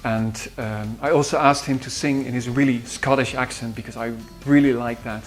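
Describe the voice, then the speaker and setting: Dutch man, musician, halting recollection, faint guitar music underneath. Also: mid-range voice, steady tone. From Netherlands. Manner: halting, with many fillers and restarts. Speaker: musician and producer. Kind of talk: behind-the-scenes recollection.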